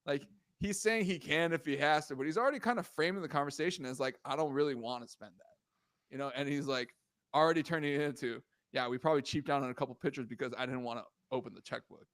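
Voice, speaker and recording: A man's voice: a little high, fast talker, a bit bright, no room sound. Ranting man on a dry podcast mic. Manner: ranting, swears, heated and exasperated. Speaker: podcast co-host. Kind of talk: casual sports podcast chat.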